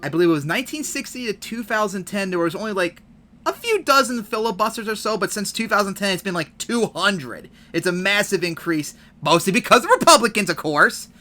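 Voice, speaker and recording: A man hosting a casual podcast discussion, talking in an animated, emphatic way and swearing freely. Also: high voice, fairly quick. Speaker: host.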